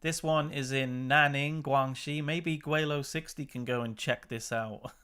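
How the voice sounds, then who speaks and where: A man's voice: on the high side, fairly even intonation, a little slow, a bit bright, slight background noise. A man hosting a channel, chatting casually and with exasperation as he comments on news clips. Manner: chatty and exasperated, laughs between remarks. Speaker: channel host.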